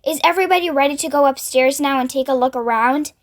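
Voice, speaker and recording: A woman's voice: sits high, quick pace, lightly acted. A woman voicing a kindly old male grasshopper who leads and reassures the others, in a storybook reading. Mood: reassuring. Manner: cheerful, reassuring.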